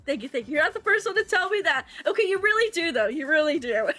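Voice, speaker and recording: A VTuber streamer with a high-pitched voice talks fast and casually to her livestream audience. She is animated and excitable, laughing often and swearing freely.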